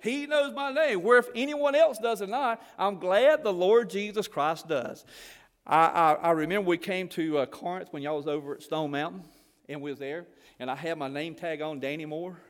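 In a church with big-room sound, a man with a slightly high voice preaches at normal speed. A former missionary, he tells folksy stories in Southern phrasing.

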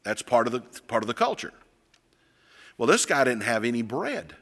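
A man preaching a sermon, retelling stories animatedly, acting out voices and shouting. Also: mid-range voice, big pitch swings, moderate pace. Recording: long hall reverb.

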